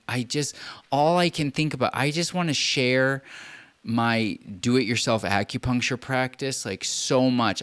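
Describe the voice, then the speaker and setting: A man's voice: lowish voice, clear, resonant tone, dry recording. A man streaming live, ranting bluntly in a casual monologue full of swearing.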